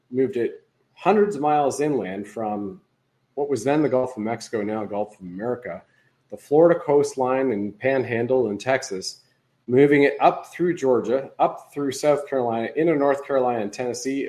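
Man, livestream host, casual commentary, rambling, mid-pitched voice. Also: darkish tone, rough recording. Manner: rambling, conversational, restarts often.

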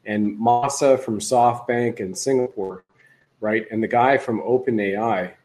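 A man's voice: on the low side, fairly even intonation, measured pace, a little mellow, low-quality recording. Rambling male livestream commentator. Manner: rambling, conversational, restarts often. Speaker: livestream host. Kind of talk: casual political commentary livestream.

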